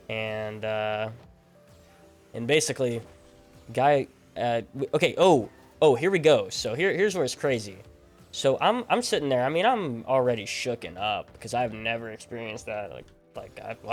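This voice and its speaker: Rambling young man telling a story. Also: medium pitch. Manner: rambling, animated storytelling with many fillers and restarts. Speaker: gaming streamer. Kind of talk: casual storytelling over gameplay. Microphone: desk microphone at a gaming setup.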